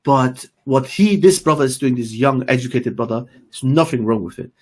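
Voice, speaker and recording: A man's voice: medium pitch, moderate pace. A man hosting an online interview, talking in an emphatic, exhorting way and dropping in Arabic phrases. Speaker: interviewer and channel host.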